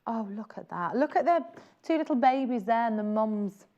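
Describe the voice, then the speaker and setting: On a live shopping channel, a woman shows off fabrics, chatty and gushing as she exclaims over every print. Her voice is on the high side, animated and warm, at a normal speed, and the sound is lo-fi.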